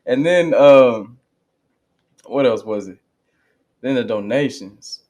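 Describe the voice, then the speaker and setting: A man's voice: medium pitch, lively intonation, takes it slowly, darkish tone. Emphatic man in casual commentary. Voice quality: conversational, emphatic, lapses into quoting others. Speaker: channel host reacting to a speech.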